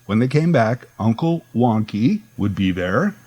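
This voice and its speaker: A man's voice: lowish voice, big pitch swings, unhurried, a little mellow, a little hiss or hum, rough recording. A man telling a nostalgic childhood story in a wry, conversational way, full of asides. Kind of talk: storytelling monologue.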